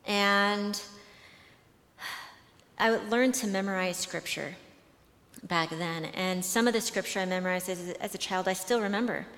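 Woman, conference speaker, chatty storyteller with frequent restarts, mid-pitched, booming hall. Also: measured pace, long pauses, fairly bright tone. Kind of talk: conversational talk with storytelling. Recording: long hall reverb.

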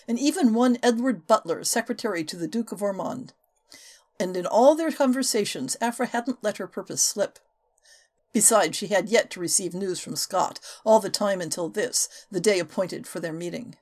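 A woman reading a historical novel aloud as an audiobook narrator, with expressive, varied delivery. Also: mid-range voice, normal speed. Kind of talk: scripted narration.

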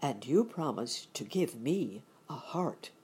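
A woman's voice: a bass voice, big pitch swings, slow, warm tone, slightly rough, exaggerated voice. A woman voicing a male tin man who longs for a heart, speaking indignantly.

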